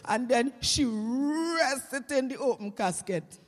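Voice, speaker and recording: A woman tells a comic story in lively creole. Her voice sits fairly high and carries a long hall echo. She shifts from quiet asides to loud punchlines. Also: a little slow. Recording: echoey hall reverb.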